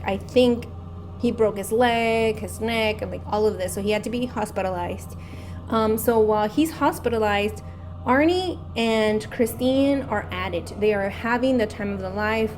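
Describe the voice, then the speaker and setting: A woman's voice: fairly high pitch, darkish tone, slight background noise. A woman hosting her own channel, casually retelling a movie plot in a rambling way, full of "like" and "um". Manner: rambling, heavy use of "like" and "um". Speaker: savings channel host.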